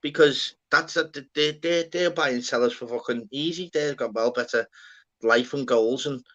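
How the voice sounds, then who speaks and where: Scouse man, casual banter, animated and sweary, bright tone, dull lo-fi recording. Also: medium pitch, normal speed. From Liverpool, England. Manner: animated, sweary, laughs often, acts out quoted voices. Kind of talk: casual banter podcast chat. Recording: dull lo-fi audio.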